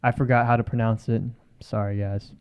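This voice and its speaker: A man's voice: on the low side, level tone, a little fast, clear, resonant tone, highs cut off. A man in his twenties co-hosting a podcast in casual chat, laid-back, laughing often and leaning on "like.". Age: 20s. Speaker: podcast co-host.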